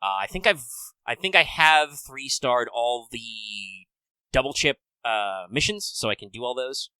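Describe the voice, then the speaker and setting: A man co-hosting a podcast, talking in a relaxed, casual way with many fillers. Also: medium pitch, a little slow, no echo, poor audio. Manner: relaxed, filler-heavy gamer talk. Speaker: podcast co-host. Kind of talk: casual chat.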